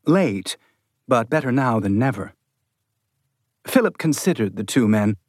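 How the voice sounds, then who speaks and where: Scripted storytelling for an audiobook comes from a man whose pitch sits mid-range and whose pace stays calm and steady. No room sound is audible in this close, dry recording.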